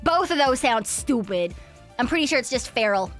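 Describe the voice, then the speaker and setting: A woman's voice: on the high side, animated, normal speed, soft background music. A young woman streaming a game, chatting in a playful, rambling way, swearing and giggling often. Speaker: VTuber streamer. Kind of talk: casual live-stream chat.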